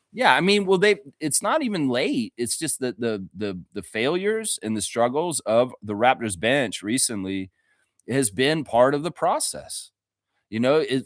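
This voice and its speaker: A man hosting a casual live-stream sports show for fans, reading chat comments aloud, animated and profane, laughing often. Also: medium pitch, dry recording, studio quality. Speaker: fan show host.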